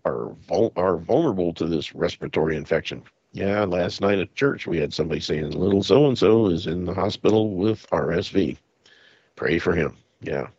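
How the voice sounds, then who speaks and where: A man's voice: low voice, a little mellow, slightly rough, no room sound, dull audio. A man hosting a show, reading news items aloud and breaking in with mocking, chuckling asides. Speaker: podcast host.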